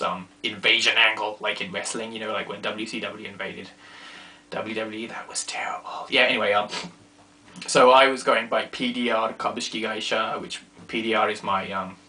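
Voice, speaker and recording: Bright-voiced young man telling a story. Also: on the low side. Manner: rambling, self-mocking, drops to asides. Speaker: vlogger. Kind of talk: casual storytelling vlog.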